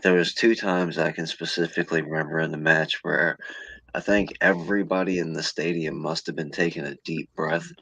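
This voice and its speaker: A man with a very deep, husky voice weighs in on a casual wrestling chat, making his points emphatically and with a joke. The sound is close and dry. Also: steady tone, a little fast, sharp tone, no room sound, low-quality recording. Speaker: podcast co-host.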